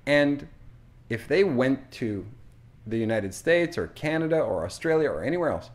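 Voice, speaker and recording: A man who teaches English, telling a story slowly and deliberately as a lesson and acting out the quotes. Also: mid-range voice, expressive. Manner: slow, deliberate, acts out quotes.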